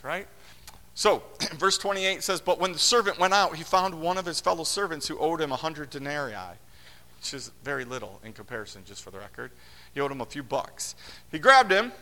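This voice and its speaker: A man preaching a sermon in a conversational, animated way, acting out the lines of the people in his story. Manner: animated, conversational, acts out quotes with big pitch swings. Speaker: pastor. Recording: long hall reverb.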